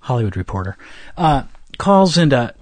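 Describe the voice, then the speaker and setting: A man guesting on a podcast, telling stories with a lively, up-and-down pitch. His voice is close and dry, with the animated rhythm of casual conversation. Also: normal speed, no echo. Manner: animated anecdotes with frequent restarts. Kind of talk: casual storytelling interview.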